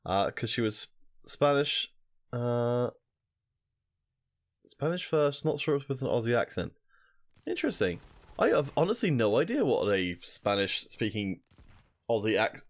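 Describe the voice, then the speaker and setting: A young man casting a mobile shooter tournament alone, chatting with viewers in between plays. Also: mid-range voice. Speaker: esports caster. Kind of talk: solo esports commentary reading chat.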